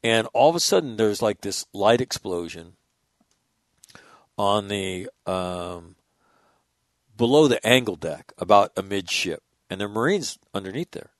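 Animated man in his sixties, dry sound. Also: on the low side, measured pace, dry recording. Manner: profane, animated anecdotes. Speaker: guest, former military officer. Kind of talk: casual storytelling.

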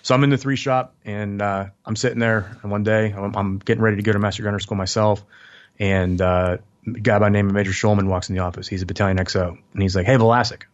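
Guy talking fast, low voice, dull lo-fi sound, animated military storytelling. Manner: animated, quotes others in his stories. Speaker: guest, former Marine tank officer. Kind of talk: storytelling in a casual interview.

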